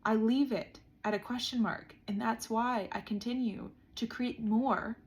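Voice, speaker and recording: A woman's voice: on the high side, steady tone, a little slow. A woman vlogger sitting on the floor and talking through her thoughts in a reflective diary monologue. She is earnest and says "like" often. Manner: earnest, frequent "like" fillers. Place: indoors, seated on the floor.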